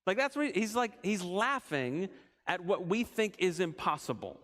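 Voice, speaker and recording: A man's voice: high-pitched, big pitch swings, moderate pace, a bit bright. Man leading a Bible study. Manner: conversational, quizzes the group with questions. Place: church.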